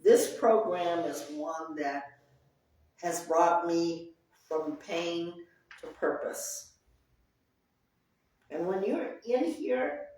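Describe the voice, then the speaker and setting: A woman's voice: fairly low pitch, expressive, slow pace, long pauses, darkish tone, far from the mic. A woman leading a support group talk, speaking earnestly and repeating her phrases for emphasis. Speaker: group session leader. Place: group meeting room. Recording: very echoey room, voice off-mic.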